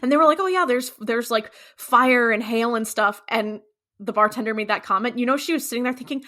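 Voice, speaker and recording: Podcast co-host, young woman, higher bright voice, lively scene-by-scene recapper. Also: fairly quick. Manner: animated recapping, acts out characters' lines. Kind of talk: casual rewatch podcast chat.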